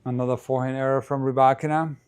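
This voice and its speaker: A man's voice: mid-range voice, flat delivery, fast talker, a little mellow, clean tone. A man giving casual live commentary on a match, thinking aloud and talking to his viewers.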